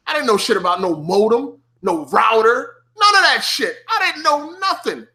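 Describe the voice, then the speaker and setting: A man streaming, telling a gaming story casually, with heavy slang and cursing, acting out his younger self in a higher, excited voice. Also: normal speed, hardly any pauses.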